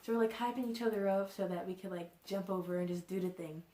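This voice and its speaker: A woman's voice: mid-range voice, quick pace, warm tone. A young woman vlogger telling a casual storytime, rambling and full of fillers like "like" and "you know". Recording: echoey room.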